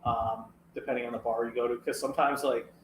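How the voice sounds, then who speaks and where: A man's voice: mid-range voice, little pitch movement, fast. A man co-hosting a podcast in casual chat, laid-back and agreeable, laughing easily. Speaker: podcast co-host. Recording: echoey room with faint noise.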